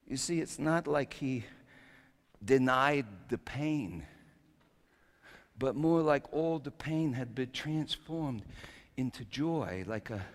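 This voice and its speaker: A man preaching a comic first-person sermon monologue, telling the story wryly and swinging between quiet and loud. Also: mid-range voice. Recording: long hall reverb.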